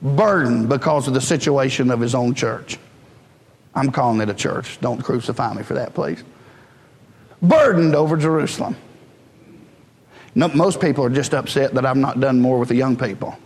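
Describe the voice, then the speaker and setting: A man's voice: medium pitch, moderate pace, long pauses, darkish tone, in a large hall. A pastor preaching a sermon in a blunt, folksy, self-deprecating way, joking with his congregation. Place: church sanctuary.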